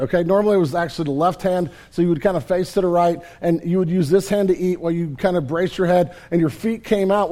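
A male pastor delivering a sermon with a high-pitched, warm, relaxed voice. He talks in a casual, conversational way and retells the story vividly for his church.

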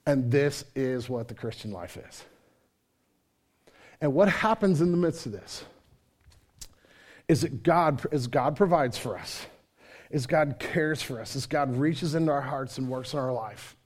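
Male pastor, sermon delivery, builds loud then drops quiet. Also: mid-range voice, animated, measured pace, long pauses. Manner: dynamic preaching, swings from loud to soft.

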